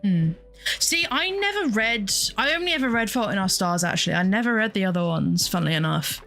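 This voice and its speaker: A young woman hosts a casual solo chat at a mid-range pitch. She talks in a loose, rambling way, with frequent exclamations and laughter. Faint music plays underneath. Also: lively intonation, brisk, fairly bright tone. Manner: rambling and chatty, exclaims often, laughs a lot. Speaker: podcast host and streamer.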